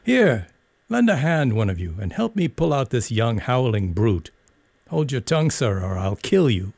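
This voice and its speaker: A man's voice: fairly low pitch, sing-song, moderate pace, gravelly, no room sound, heavily acted. A man voicing a brutal older schoolboy bully who roars and jeers. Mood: roaring. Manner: loud, roaring and jeering.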